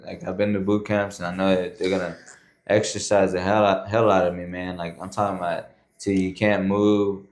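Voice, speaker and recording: A man with a very low, deep voice speaks as a guest on a podcast. He tells his story casually and loosely, with plenty of fillers and a habit of saying "man" and "bro". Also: little pitch movement, normal speed.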